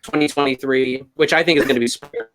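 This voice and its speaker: A man's voice: mid-range voice, steady tone, fast talker, fairly bright tone, slight background noise. A man co-hosting a casual podcast over a call, hesitant and restarting his sentences often. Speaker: podcast co-host.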